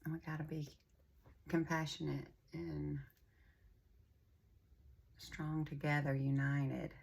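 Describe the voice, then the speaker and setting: An older woman with a drawl talks through her week in a loose, rambling vlog. Her voice sits low and gravelly, a little husky and stuffy from a runny nose. She sounds folksy and talkative. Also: level tone, slow. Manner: chatty, rambling storyteller with a warm folksy drawl. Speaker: vlogger. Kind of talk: casual chatty vlog.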